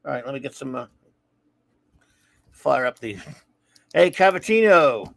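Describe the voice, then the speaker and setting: A man hosting a casual live-streamed show, reading out listener reviews and greetings, often stumbling and correcting himself with quick laughs. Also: mid-range voice, expressive, vocal fry, fairly bright tone, no echo.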